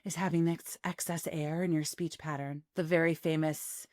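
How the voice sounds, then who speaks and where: A woman working as a voice coach, giving an instructional talk and demonstrating techniques with a clean, clearly phonated voice while she varies her resonance and cadence. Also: low voice, little pitch movement, moderate pace, darkish tone, no echo, studio quality.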